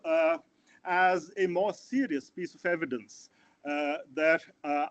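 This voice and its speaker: Hesitant man pitching over a dull call. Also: no echo. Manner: hesitant, many fillers and restarts, earnest. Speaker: startup founder pitching. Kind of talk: online pitch presentation. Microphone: video call. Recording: dull, dry video call audio.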